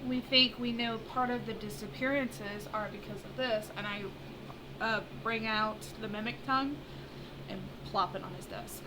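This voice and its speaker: A woman's voice: a little high, steady tone, normal speed. A woman playing in a tabletop game, speaking hesitantly with many fillers and giggles. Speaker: player. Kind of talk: casual tabletop play. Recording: noisy background.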